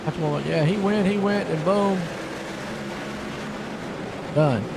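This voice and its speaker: A man giving live play-by-play on a sim race, folksy and excitable, chatting with viewers between calls. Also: high-pitched, slow pace, vocal fry. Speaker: sim racing commentator. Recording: noisy stream with car engine sound.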